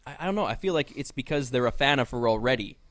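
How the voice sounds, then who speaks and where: A man co-hosting a casual podcast, tossing out quick quips and teasing asides. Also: medium pitch, animated, a bit bright, dry recording. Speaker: podcast co-host. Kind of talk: casual wrestling podcast chat.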